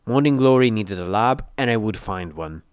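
A man reading fiction aloud in a steady, measured storytelling voice, close to the mic. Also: fairly low pitch, no room sound. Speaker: audiobook narrator. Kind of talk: scripted fiction narration.

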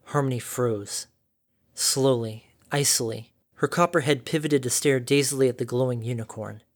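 A man narrating a dark fan story in a measured, dramatic reading. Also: mid-range voice.

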